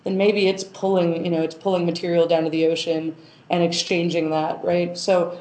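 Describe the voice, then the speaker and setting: A woman's voice: on the low side, little pitch movement, moderate pace, a little mellow. A woman planetary scientist answering interview questions in a casual, thoughtful way, with many fillers and restarts. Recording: roomy echo.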